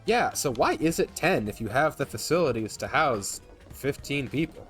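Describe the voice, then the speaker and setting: A man's voice: mid-range voice, very animated, normal speed, fairly bright tone, faint music behind. A man streaming a game live, making chatty, joking asides to his viewers. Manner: chatty, jokey asides to chat.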